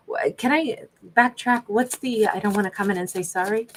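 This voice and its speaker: A woman doing a tarot reading in a sassy, animated way, acting out what the people in the cards might say. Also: mid-range voice, normal speed, slight background noise, low-quality recording. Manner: sassy, animated, voices imagined quotes. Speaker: tarot reader.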